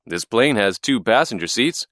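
A man's voice: medium pitch, animated, normal speed, a bit bright, no echo, clean studio sound, lightly acted. A man voicing a friendly male pilot who explains his plane.

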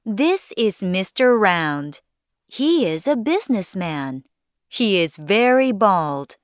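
A woman narrating a children's story slowly in short, clearly spaced sentences. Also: mid-range voice, big pitch swings, dry recording.

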